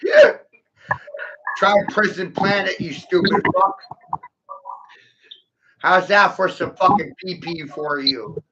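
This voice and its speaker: A man delivering an aggressive, mocking, profane solo rant with a gravelly voice. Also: sits high, takes it slowly, pauses often. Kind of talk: solo taunting rant to camera. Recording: muffled lo-fi audio with steady background noise.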